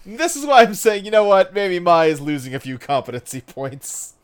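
Man, casual podcast chat, emphatic, joking, bouncy pitch. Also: very animated, normal speed, smooth. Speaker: podcast co-host.

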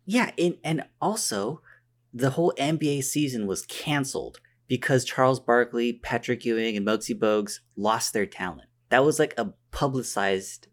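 A man's voice: mid-range voice, moderate pace. A man co-hosting a podcast, chatting casually and restarting his sentences often. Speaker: podcast co-host. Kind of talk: casual chat.

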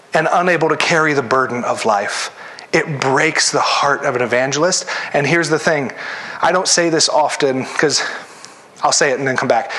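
A man preaching a sermon as pastor, animated and acting out the voices he quotes. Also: on the high side.

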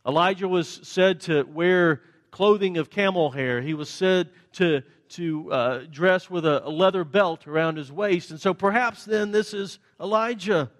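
Male pastor, high-pitched, dramatic sermon delivery, long church reverb. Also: a little slow, hardly any pauses. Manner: dramatic shifts between loud questions and hushed answers; acts out the questioners and the answers.

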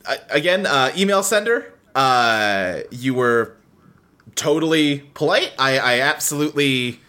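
Male podcast host, bright tone, animated, restless casual delivery. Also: mid-range voice, measured pace, clean tone. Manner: animated, filler-heavy, frequent restarts.

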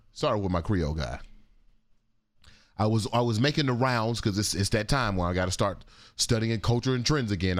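A man's voice: on the low side, dry recording. A man hosting casual commentary on viral clips, talking in a laid-back, frank, slangy way. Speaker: commentator host.

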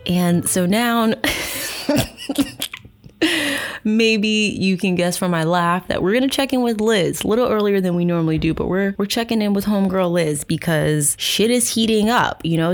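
A young woman hosts a true-crime podcast in a lowish voice and a loose, chatty manner. She reads passages aloud, then breaks off to mock them with swearing and sarcasm. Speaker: podcast host. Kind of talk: casual true-crime storytelling.

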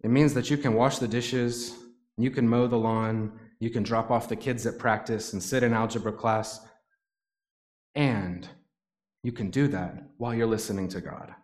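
A man's voice: mid-range voice, steady tone, normal speed, darkish tone. A man preaching a sermon in a conversational way, building to emphatic bursts on his key points. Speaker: pastor.

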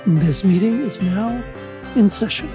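A man from Saskatchewan co-hosting a comedy podcast, deadpan and halting with many restarts. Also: high-pitched, over loud music. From Saskatchewan, Canada. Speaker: podcast co-host.

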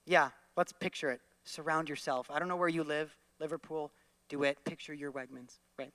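Bright-voiced man preaching. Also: fairly high pitch, normal speed, no room sound. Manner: animated, leads the congregation in repeating lines. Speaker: pastor. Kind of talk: sermon.

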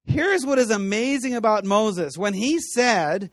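A man with a fairly high voice teaches scripture to a room of students, animated and playful. He acts out the people in his stories and laughs often. The sound is dry and close. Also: moderate pace, no room sound. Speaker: Bible teacher. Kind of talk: lively teaching talk to students.

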